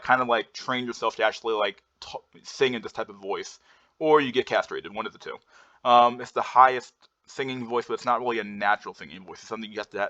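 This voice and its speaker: A man's voice: fairly low pitch, bright, forceful tone. A man presenting slides in a casual lecture, rambling with many fillers and restarts and blunt swearing. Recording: dull lo-fi recording.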